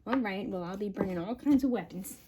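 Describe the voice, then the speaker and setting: A woman's voice: medium pitch, fast, warm tone, husky. A mother venting on camera in a rambling monologue, swearing often, agitated and breaking into laughs between lines.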